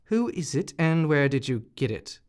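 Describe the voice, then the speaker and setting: A man voicing a stern town apothecary who scolds in a loud, raised voice, in a storybook reading. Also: fairly high pitch, big pitch swings, moderate pace. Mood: scandalized.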